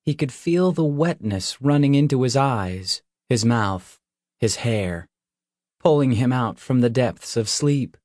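Slow, measured male audiobook narrator. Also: medium pitch, dry recording, studio quality. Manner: measured, even storytelling.

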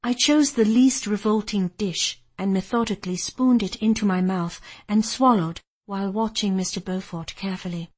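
A woman reading a first-person historical novel aloud in a measured, steady way. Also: medium pitch, slightly rough. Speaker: audiobook narrator. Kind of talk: first-person storytelling narration.

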